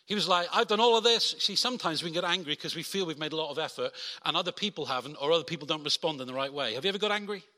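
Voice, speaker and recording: Man, preacher, bright ringing voice, fairly high, long echo of a hall. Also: rapid-fire, few pauses. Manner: animated, acts out quoted voices. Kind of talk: sermon.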